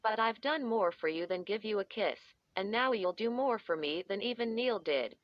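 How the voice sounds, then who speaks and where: A woman's voice: medium pitch, animated, normal speed, dry recording, lo-fi sound, lightly acted. A woman voicing a menacing, teasing young woman who talks in a sly, taunting way.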